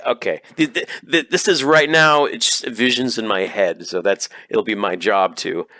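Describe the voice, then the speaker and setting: A man from the United States hosts a loose podcast chat, joking and laughing often as he rambles. His voice sits a little low, and the recording is dry with no room sound. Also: moderate pace, bright, forceful tone, dry recording. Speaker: podcast host. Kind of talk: casual group chat.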